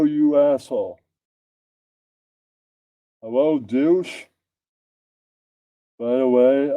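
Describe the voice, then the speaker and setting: A man reading out crude, profane jokes and a comedy skit in a deadpan way. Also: mid-range voice, dry recording, clean studio sound.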